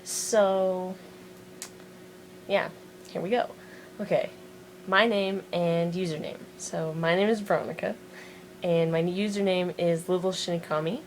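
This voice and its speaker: A woman with a lowish voice and a Montana accent talks through an accent challenge on her vlog, reading words off a list and tossing in self-deprecating asides. She records on the small built-in mic of a handheld device, with a faint hiss underneath. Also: steady tone, a little slow, long pauses, low-quality recording. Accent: American, Montana. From Montana, USA. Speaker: vlogger doing an accent challenge. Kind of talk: casual chat and reading a word list aloud. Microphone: built-in mic of a handheld music player.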